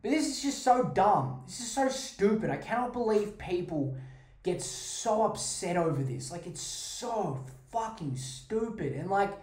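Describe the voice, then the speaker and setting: A woman's voice: mid-range voice, very animated, unhurried, darkish tone, echoey room. A woman hosting a podcast, ranting in a heated, sarcastic way with plenty of swearing. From Australia. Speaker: podcast host.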